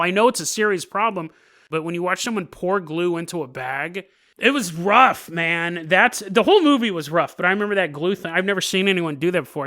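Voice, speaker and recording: Bright-voiced man telling a story. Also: fairly high pitch. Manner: chatty, with joking asides and quick laughs. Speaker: podcast host. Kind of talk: casual storytelling narration.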